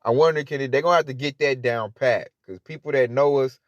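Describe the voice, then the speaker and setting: A man's voice: mid-range voice, quick pace, no room sound. Slangy Southern man preaching, dry lo-fi sound. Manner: colloquial and slangy, acts out quoted voices. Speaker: Hebrew Israelite preacher. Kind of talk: casual religious talk to camera. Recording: dull, lo-fi, dry recording.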